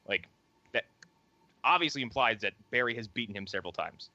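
A man co-hosting a podcast, chatting casually about comics and TV and acting out quotes with lively energy. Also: mid-range voice, a little fast, dry recording, dull audio. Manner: animated, acts out quoted characters. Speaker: podcast co-host.

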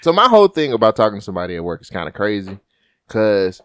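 A man's voice: fairly low pitch, very animated, fast talker, a bit bright, smooth, no echo, studio quality. A man co-hosting a casual chat, playful and profane, with many restarts as he explains. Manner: playful, swearing, hesitant restarts.

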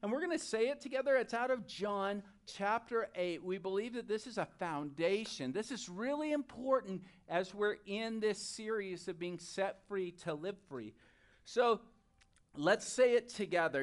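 A high-pitched male pastor preaching a sermon. He tells stories and jokes in a loose, conversational way, leading a congregation. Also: lively intonation, moderate pace. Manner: storytelling, joking, conversational.

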